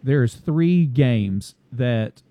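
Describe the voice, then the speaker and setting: A man's voice: medium pitch, expressive, very slow, dry recording, narrow, tinny audio. A man co-hosting a casual sports debate, emphatic and repeating his points. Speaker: sports talk co-host.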